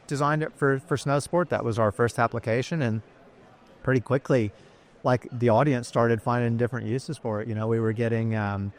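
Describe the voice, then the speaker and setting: A man tells the story of his business in a loose, conversational interview. He rambles and fills his talk with ums and you-knows, in an easygoing manner. His pitch sits in the middle range. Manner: chatty, rambling, many fillers. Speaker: business founder, guest.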